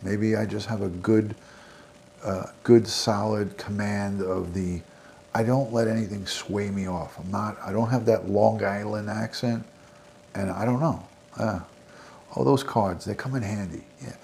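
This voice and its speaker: Gravelly New York man chatting to viewers. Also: on the low side, fairly even intonation, measured pace, slight background noise. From American South. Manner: rambling, friendly shout-outs to chat viewers. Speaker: livestream host. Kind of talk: casual livestream sign-off chat.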